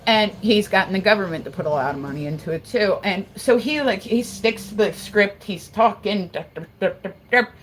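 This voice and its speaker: A woman's voice: medium pitch, moderate pace, hardly any pauses, a little hiss or hum, rough recording. A woman from Delaware hosting a casual livestream, rambling and swearing as she talks. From Delaware, USA. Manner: profane, rambling, animated. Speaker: livestream host.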